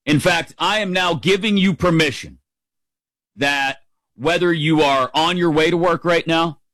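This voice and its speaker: A man's voice: on the high side, measured pace, a bit bright, no echo, poor audio. A middle-aged man hosting a sports talk radio show, upbeat and playful as he rambles through the day's news.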